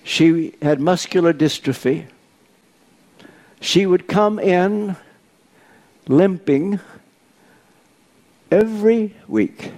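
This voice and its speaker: An older man in his eighties preaching a sermon, deliberate and posing rhetorical questions to his congregation. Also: high voice, a little mellow. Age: 80s.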